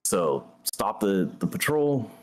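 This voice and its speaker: Very deep male voice, casual storytelling, blunt and profane, streamer host. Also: big pitch swings, takes it slowly. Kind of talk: casual storytelling while gaming.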